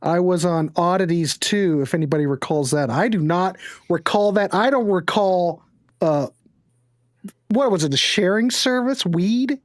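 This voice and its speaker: A man's voice: high voice, animated, measured pace, no echo, studio quality. A man hosting a live music panel stream, who reads out viewer comments and praises his guests in a playful, effusive way. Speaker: show host.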